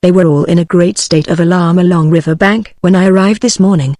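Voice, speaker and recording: A text-to-speech British woman's voice reading the lines of a cheerful, bold male otter in even, synthetic tones. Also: fairly low pitch, fairly quick, no echo, clean studio sound, lightly acted. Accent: British English.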